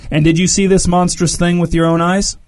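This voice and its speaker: A man's voice: high voice, level tone, fairly quick, pitched above the performer's own voice, lightly acted. A man reading the lines of a smug, offhand king at a feast, in a storybook reading.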